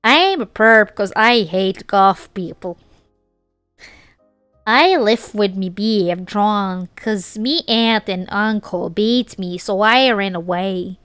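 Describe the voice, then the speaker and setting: A woman's voice: medium pitch, slow, a bit bright, clean tone, no room sound, faint music behind. A woman putting on a ditzy Southern girl, drawling and boastful. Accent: put-on American Southern. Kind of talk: reading a fanfic in a put-on voice.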